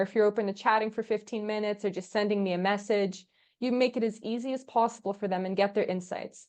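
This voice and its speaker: A woman guest on a podcast, an agency founder, talks fast in a slightly high voice during a casual interview. She tells stories, acts out quoted dialogue, and laughs often.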